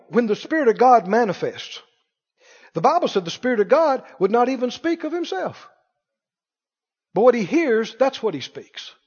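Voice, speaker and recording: A man's voice: very high voice, darkish tone, breathy edge, long reverb tail, lo-fi sound. A man preaching a sermon, quoting scripture with emphasis and putting questions to the congregation.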